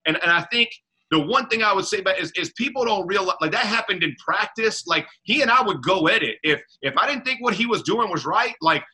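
A man, a former pro football player, telling animated casual stories in an interview, with colloquial talk and repeated words. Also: high voice, a little fast, slightly rough.

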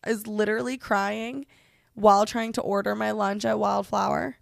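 A young woman hosts a podcast, venting candidly and casually, swearing often and saying "like" constantly. Her voice is medium-pitched and gravelly with a level tone, delivered at normal speed. The studio recording is clean, with no echo.

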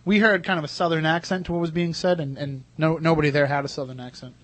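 A man's voice: fairly high pitch, steady tone, fast, slight background noise. A man hosting a radio show, chatting eagerly and at length with his guests. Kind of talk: casual radio chat.

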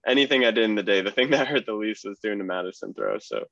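Man, low voice, dry close sound, muffled lo-fi, chatty cyclist guest. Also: fast, vocal fry, dry recording. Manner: relaxed, laughs through stories, many fillers. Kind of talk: casual storytelling chat.

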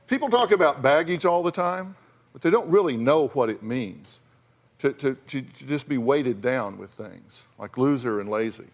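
This male talk show host has a mid-range, expressive voice and a normal speaking speed. His on-stage counseling is confrontational and blunt, delivered with emphasis, repeated words, and homespun sayings.

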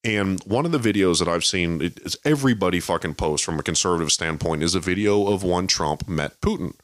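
Deep-voiced man ranting with heavy swearing. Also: fairly quick, fairly bright tone, dry recording. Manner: heated, swears constantly, mocking impressions. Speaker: podcast co-host. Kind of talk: profane political rant.

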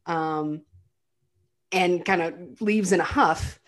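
A woman's voice: on the low side, slow. A woman co-hosting a casual chat, retelling a film with laughs and many fillers. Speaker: podcast co-host.

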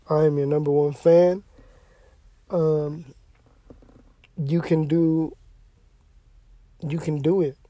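A young man chats alone into a mic in his parked car, worn out and easygoing. His talk is loose and full of slang and "um"s, with a slightly high voice. The sound is dry and close, with no room echo. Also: warm tone. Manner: laid-back, slangy, rambling with fillers. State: tired and sleepy. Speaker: podcast host. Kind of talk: casual solo podcast chat.

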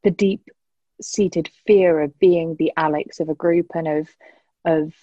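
A woman's voice: sits low, steady tone, slow pace, dark tone, no echo, highs cut off. A woman co-hosting a podcast, giving articulate, analytical commentary in a casual recap chat. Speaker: podcast co-host.

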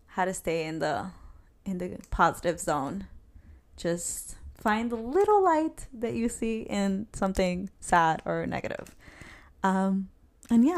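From her bedroom, a young woman hosts a casual solo podcast, rambling and chatty with lots of fillers and laughter. Her voice is medium in pitch.

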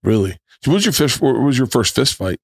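A man's voice: medium pitch, big pitch swings, fast talker, breathy edge, dry recording, studio quality. An American man hosting a podcast, asking eager questions and restarting his sentences often. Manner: eager, curious, stumbling restarts. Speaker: podcast host. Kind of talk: casual chat.

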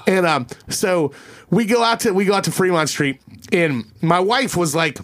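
A man's voice: sits high, lively intonation, normal speed, a bit bright. A man, hosting a podcast and telling a profane, exasperated story in casual chat. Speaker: podcast host.

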